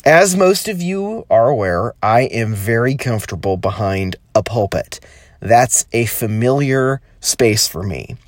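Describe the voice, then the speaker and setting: A man who is a pastor gives an informal, earnest sermon into his phone from home, welcoming and measured, slowing down to stress key phrases. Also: medium pitch, animated, no room sound, clean studio sound. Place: at home, not in the sanctuary.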